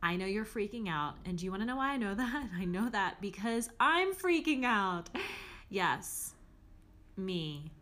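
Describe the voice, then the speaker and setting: A woman's voice: medium pitch, big pitch swings, measured pace, sharp tone. A young adult woman hosting a podcast as a life coach, talking casually and frankly with frequent fillers and the odd swear word.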